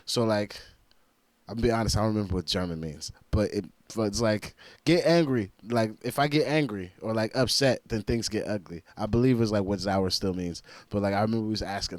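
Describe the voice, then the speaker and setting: A man's voice: on the low side, a little fast, no room sound. A man casually chatting through a reaction video, laid-back and slangy, full of "like.". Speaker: reaction video host and rapper.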